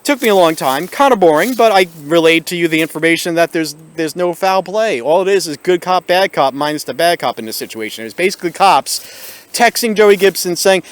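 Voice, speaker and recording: A man's voice: high voice, expressive, a little fast. A man hosting his own video channel, talking straight to viewers in an exasperated, sarcastic rant, recorded on a small camera microphone. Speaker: video host. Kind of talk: ranting vlog commentary. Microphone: built-in camera microphone.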